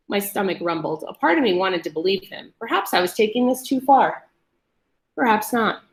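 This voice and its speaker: A woman reading a first-person story aloud to an audience in a calm, measured way. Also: mid-range voice. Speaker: story reader. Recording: roomy echo.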